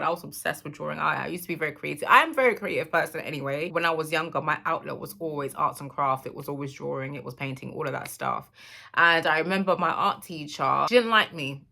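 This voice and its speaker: A woman in her thirties speaks straight to her viewers in a candid, emotional monologue. Her voice sits on the low side but has a bright, forward edge. She tells her story in an animated way. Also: vocal fry. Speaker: vlogger. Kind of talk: reflective personal monologue.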